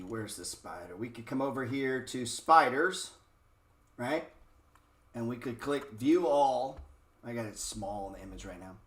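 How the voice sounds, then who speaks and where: A man talks through trading charts in a loose, profane way and keeps asking his listeners pointed questions. His voice sits at an ordinary pitch. It carries a roomy echo. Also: a bit bright. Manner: blunt, profane, rhetorical questions. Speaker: trading educator. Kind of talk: casual screen-share market talk.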